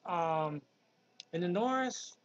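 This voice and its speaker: Man in his fifties, Virginia drawl, high-pitched, rambling vlog talk on a dull lo-fi recording. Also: expressive, drawn-out words, a little hiss or hum. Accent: Southern American (Virginia). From Virginia, USA. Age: 50s. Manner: rambling, digressive, with many ums. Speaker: vlogger. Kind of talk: casual monologue.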